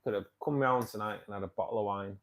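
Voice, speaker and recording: A middle-aged Englishman hosts a casual live stream, rambling on and laughing as he answers viewer comments. His voice sits fairly low with a gravelly, creaky edge. His delivery stays loose and chatty. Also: quick pace, a bit bright, rough recording. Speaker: livestream host of a fishkeeping club.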